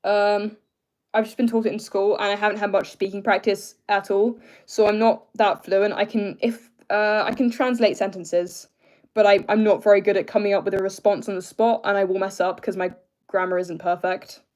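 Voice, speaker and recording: Young british guy live streaming, lots of um and like, trying to hold his voice low. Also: flat delivery, darkish tone, clear, resonant tone. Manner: hesitant, filler-heavy, deliberately lowering his pitch. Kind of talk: casual live-stream chat answering viewers.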